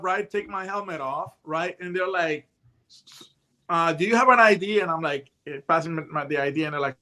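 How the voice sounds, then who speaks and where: A man in his late fifties, a retired hostage negotiator, telling stories in a casual chat, animated and full of restarts and voiced quotes. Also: high voice. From United States. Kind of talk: casual storytelling.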